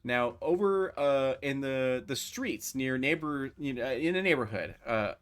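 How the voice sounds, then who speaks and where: A man's voice: medium pitch, animated, a little slow, a bit bright, clear, resonant tone. A man running a tabletop role-playing game as game master, narrating in a casual way with lots of fillers. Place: home streaming setup.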